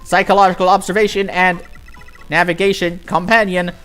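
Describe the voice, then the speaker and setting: A man's voice: sits high, level tone, fairly quick, a bit bright, clean tone, pitched above the performer's own voice. A man doing a chirpy little guide robot. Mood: cheery. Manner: chirpy, repetitive, sing-song. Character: peppy small female guide robot, eager. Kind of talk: reading game dialogue aloud. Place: home streaming setup.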